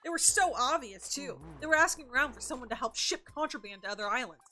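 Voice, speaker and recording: A man's voice: extremely high pitch, expressive, pushed and bright, exaggerated voice. A woman playing an indignant dock worker. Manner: defensive, indignant rapid questions. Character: frazzled male dock worker and family man.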